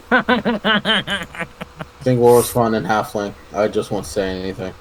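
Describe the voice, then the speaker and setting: A man's voice: medium pitch, sing-song, takes it slowly, a little hiss or hum, rough recording. A man playing a tabletop game, wryly narrating what his character does. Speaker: player. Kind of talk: casual tabletop game chat.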